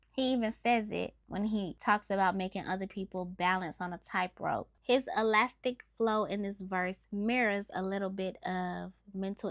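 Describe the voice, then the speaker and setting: A woman's voice: medium pitch, gravelly, no room sound. Woman methodically explaining music, dry sound. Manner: methodical, explanatory, defines terms as she goes. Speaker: host of a music analysis show. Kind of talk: scripted lyric breakdown.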